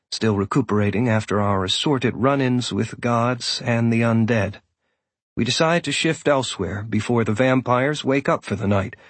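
Husky male audiobook narrator. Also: mid-range voice, no room sound. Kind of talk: first-person audiobook narration.

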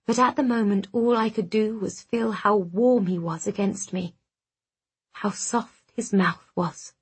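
A woman reads a romance novel in the first person, her voice husky and breathy. She takes her time, unhurried and soft, with an intimate closeness. The dialogue is acted out within the narration. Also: mid-range voice, steady tone. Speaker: audiobook narrator.

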